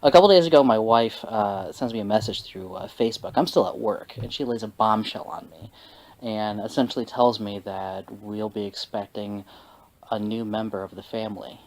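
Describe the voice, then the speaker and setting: A man's voice: on the low side, darkish tone, low-quality recording. Teasing young male podcast host. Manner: teasing joker, halting with fillers. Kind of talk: casual podcast chat.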